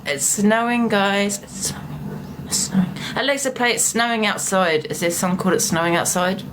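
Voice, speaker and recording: A woman hosting a casual live stream, excitable and chatty, talking straight to her viewers. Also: medium pitch, a little fast, noisy background.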